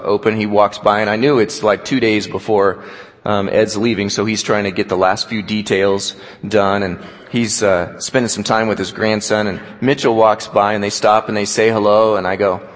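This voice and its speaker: Animated male pastor in a reverberant hall. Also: on the low side. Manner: storytelling, animated, drops to quiet for quoted scripture. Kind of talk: sermon.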